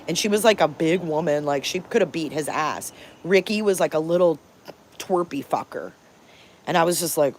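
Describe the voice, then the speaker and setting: A woman in her fifties from Detroit, hosting a live stream and telling stories in a candid, profane, emphatic way. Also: lowish voice. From Detroit, Michigan. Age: 50s. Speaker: channel host. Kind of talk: live-stream storytelling chat.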